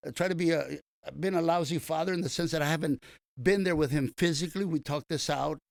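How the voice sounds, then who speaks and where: Older male comedian, raspy and fairly high-pitched, dry studio sound, meandering anecdotes full of restarts. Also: fast talker, no room sound. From East Los Angeles. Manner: rambling anecdotes with many restarts and fillers. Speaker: comedian guest. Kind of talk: casual storytelling interview. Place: radio studio.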